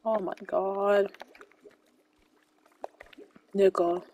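A woman gamer giving live gameplay commentary, excitable and full of swearing and exclamations. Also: mid-range voice, drawn-out words, a little hiss or hum. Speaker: gamer playing online with a partner.

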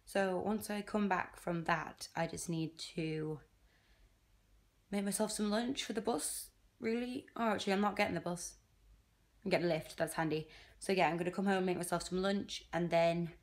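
A young woman talking casually to camera in a vlog, chatty and self-deprecating, sometimes trailing into a near-whisper. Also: lowish voice. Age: young adult. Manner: drops to a near-whisper at times. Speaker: vlogger, university student.

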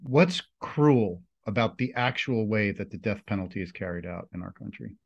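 A male interviewer asking plain, measured questions. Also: fairly low pitch, animated, creaky, highs cut off.

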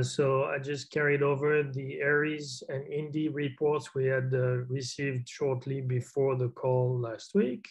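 A man's voice: a little high, darkish tone, rough recording. Easygoing man chairing a call. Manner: easygoing, chatty, with hesitant fillers. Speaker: meeting chair. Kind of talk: casual meeting talk.

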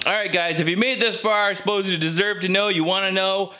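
A man's voice: sits high, steady tone, fast talker, sharp tone. Playful man with a roomy indoor sound. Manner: playful and teasing, laughs often. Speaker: survival vlogger and channel host. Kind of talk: casual family chat to camera. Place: family home, indoors at lunch table.

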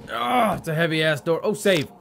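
A man playing a horror game on video, swearing a lot and reacting to every scare with sudden yelps and shouts. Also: expressive, normal speed, creaky. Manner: profane and jumpy, with sudden high yelps. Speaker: gaming video host. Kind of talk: let's-play commentary. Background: horror game music.

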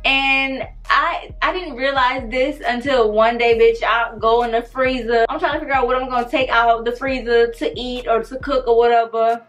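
Profane animated storytelling woman. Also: fairly high pitch, moderate pace, few pauses. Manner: animated, profane, dramatic retelling. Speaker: storytime vlogger. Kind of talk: casual storytime.

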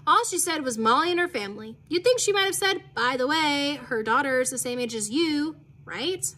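A woman reading aloud, voicing a chatty, easily embarrassed girl of about twelve in a bright, raised girlish voice. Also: high-pitched, expressive, moderate pace.

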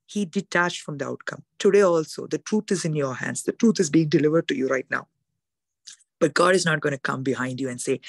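Woman preacher, low gravelly voice, rapid emphatic sermon. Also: no room sound, clean studio sound. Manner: fast, emphatic, acts out quoted voices. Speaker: preacher at a women's conference.

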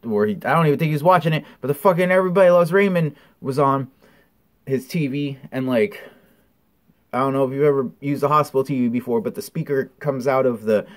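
A man giving a casual, candid recovery update, telling a story with lots of ums and blunt swearing. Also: medium pitch. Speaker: vlogger.

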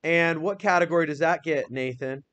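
Man teaching spelling, slightly high voice. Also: fairly quick, fairly bright tone, slight background noise. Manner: patient, spells words out letter by letter. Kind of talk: classroom phonics lesson. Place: classroom.

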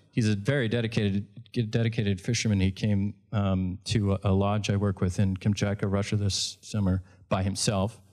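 A man's voice: fairly low pitch, a little mellow. A man, a fishing guide, telling a story at a live event in a conversational way, often restarting and correcting himself.

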